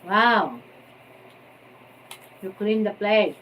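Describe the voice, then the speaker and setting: A woman chatting beside the host, giving short soft replies and corrections. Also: medium pitch, animated, drawn-out words, a little hiss or hum, low-quality recording.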